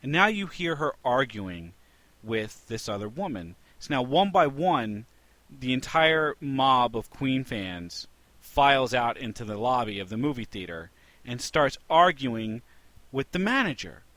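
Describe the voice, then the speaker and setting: A man hosting a casual podcast, telling an animated story with lots of restarts. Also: medium pitch, unhurried, dry recording. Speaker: podcast host.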